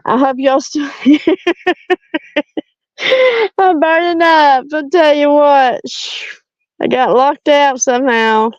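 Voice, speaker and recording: A woman's voice: high voice, fairly even intonation, slow pace, pauses often, no room sound, dull audio. A woman chatting casually on a live stream from her parked car, self-deprecating and laughing often as she answers viewer comments.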